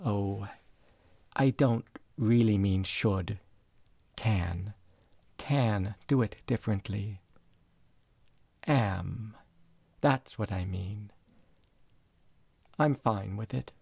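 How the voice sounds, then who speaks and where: A man reading the part of a dying elderly mother, speaking softly and tenderly. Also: fairly low pitch, very slow, gravelly, pauses often, breathy edge, no room sound, full character voice. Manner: soft, tender, reflective.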